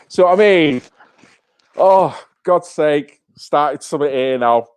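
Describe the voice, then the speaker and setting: A man's voice: on the high side, slow, clean tone. Fired-up blunt Englishman ranting. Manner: blunt, swearing, fired-up rhetorical questions. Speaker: channel host. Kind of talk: casual live-stream commentary.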